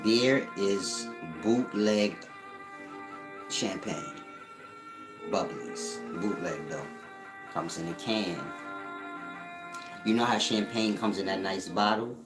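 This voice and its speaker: A man's voice: sits low, a little slow, long pauses, over music. A man hosting his own channel, talking in a casual, slangy, joking monologue and laughing often. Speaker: channel host.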